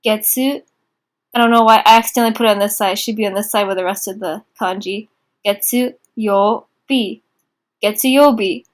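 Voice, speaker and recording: A young woman teaching a casual beginner class in an informal, chatty way, slowing down to repeat phrases. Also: medium pitch, steady tone. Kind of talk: casual online lesson.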